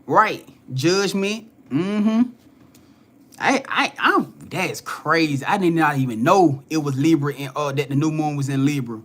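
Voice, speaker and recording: A young man hosting a spiritual reading live stream speaks with a fairly high, somewhat bright voice at a moderate pace, pausing little. He chats casually in slang, names viewers as he greets them, and swears and laughs often.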